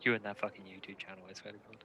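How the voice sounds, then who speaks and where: A man at a tabletop game banters bluntly and swears freely. His voice is sharp and very bright. A faint noise hums underneath. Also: lowish voice, level tone, very fast. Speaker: player.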